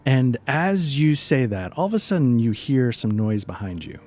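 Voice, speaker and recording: A man narrating as game master, relaxed and hesitant, with frequent fillers. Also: medium pitch, normal speed, faint music behind.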